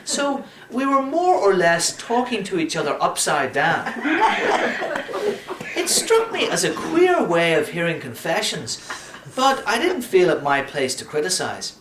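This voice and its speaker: Lively male storyteller. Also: high voice, unhurried, slight background noise. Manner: wry, animated first-person telling. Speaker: reader. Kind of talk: storytelling narration. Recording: roomy echo.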